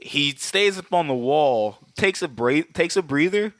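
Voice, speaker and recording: Man, podcast co-host, excitable, profane, lively pitch, dry close mic. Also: measured pace, no room sound. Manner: excitable, laughing, swears often, acts out quotes. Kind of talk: casual profane movie recap.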